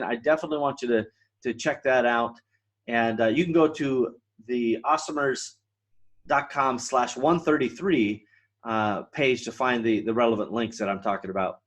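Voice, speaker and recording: A man hosting his podcast alone, talking casually with lots of fillers and restarts. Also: medium pitch. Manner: rambling, many fillers and restarts. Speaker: podcast host. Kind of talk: casual solo podcast monologue.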